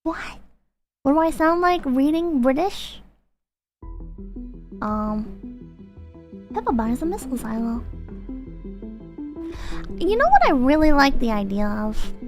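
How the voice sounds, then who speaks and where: High, lively young woman streamer. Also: slow pace, long pauses. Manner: rambling and self-conscious, heavy use of "like". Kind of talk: casual chat, reading viewer comments. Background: background music.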